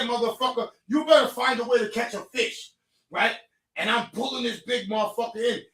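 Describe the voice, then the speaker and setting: Heated, cursing man telling a fishing story. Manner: profane, heated, accusing, swings between low mutters and shouting. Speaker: podcast host telling a story. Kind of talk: animated storytelling to a friend. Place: podcast studio room. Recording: echoey room, mic at a distance.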